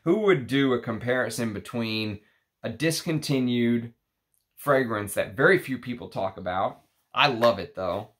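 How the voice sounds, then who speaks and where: A man's voice: mid-range voice, fairly bright tone. A man with a Texas accent hosting a casual perfume unboxing vlog, rambling and talking to the bottles. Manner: slow, rambling, talks to the bottles. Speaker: perfume channel host.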